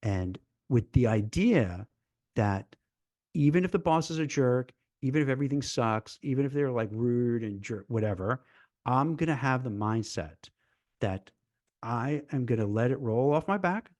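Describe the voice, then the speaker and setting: At a moderate pace and medium pitch, with a dry recording, a recruiter hosts a casual live stream. His animated delivery includes mock voices for dialogue, and he stumbles over repeated words when fired up.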